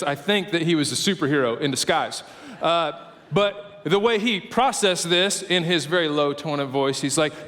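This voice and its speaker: A middle-aged male pastor preaching to his congregation in a conversational, story-driven way, tossing in quick asides to the room. His voice sits high for a man. The sound carries a long reverb from the church hall around him. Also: fairly bright tone. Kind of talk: sermon. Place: church auditorium.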